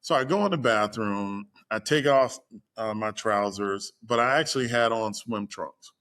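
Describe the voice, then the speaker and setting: A man telling a personal story in a casual chat, acting out the people he quotes with lively shifts in voice. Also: lowish voice, moderate pace. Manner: animated, acts out quoted voices. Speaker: guest storyteller.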